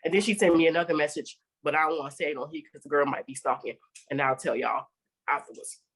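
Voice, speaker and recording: A woman's voice: low voice, steady tone, fast talker, slightly rough, low-quality recording. A woman hosting a podcast, telling a story in casual chat and acting out both sides of the dialogue with plenty of swearing. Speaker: podcast host.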